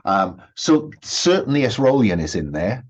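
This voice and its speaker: A man narrating a tabletop game as game master, with many pauses and restarts. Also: mid-range voice, sing-song, slightly rough. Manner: hesitant, many ums and restarts.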